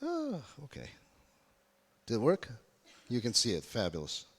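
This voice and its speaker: A man's voice: medium pitch, wildly swooping pitch, unhurried. A man giving a UX workshop talk to a live audience, engaging them with questions. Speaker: UX workshop speaker. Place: conference room. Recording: reverberant conference hall.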